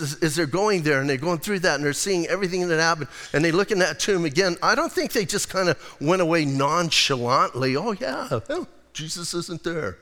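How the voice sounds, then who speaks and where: A male pastor preaching a lively, conversational sermon and acting out quotes as he goes. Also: on the high side, long reverb tail.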